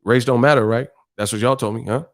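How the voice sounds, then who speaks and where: A man's voice: medium pitch, quick pace. A man hosting a boxing live stream, ranting bluntly and combatively with heavy cursing. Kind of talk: casual live-stream rant.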